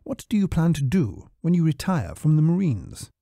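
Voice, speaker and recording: Cool, precise spy, read by a man, courteous and measured, lively pitch. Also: vocal fry, dry recording, clean studio sound, exaggerated voice.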